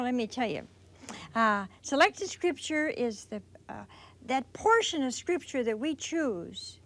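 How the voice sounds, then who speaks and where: High-voiced, folksy woman preacher. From Italian heritage. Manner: folksy, animated storytelling with acted quotes. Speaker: religious teacher. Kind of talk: televised sermon talk.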